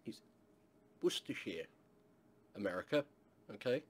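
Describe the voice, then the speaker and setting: A man's voice: fairly low pitch, expressive, unhurried, breathy edge. A man from England casually reviewing a hot sauce, rambling with lots of fillers and asides.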